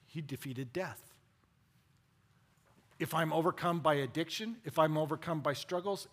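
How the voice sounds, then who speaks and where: A man preaching a sermon as a pastor, dramatic and animated, swinging between loud and hushed. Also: a little high, husky.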